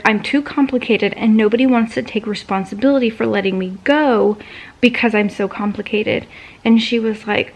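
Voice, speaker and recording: A woman vlogger casually recounting a conversation, chatty and full of fillers like "um" and "like". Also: medium pitch. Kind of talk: casual storytelling vlog.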